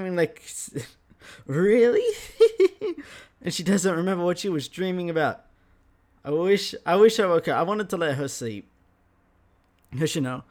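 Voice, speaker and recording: A young man with a fairly high voice tells a rambling story in a podcast monologue. He is animated and loose, swearing freely and breaking into laughter often. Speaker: podcast host.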